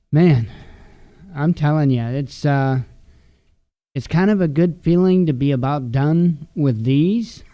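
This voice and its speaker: A man hosting his channel, signing off the stream in a relaxed, friendly, halting way. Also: on the high side, clear, resonant tone, dry recording. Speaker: channel host. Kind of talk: casual sign-off. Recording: dull dry sound.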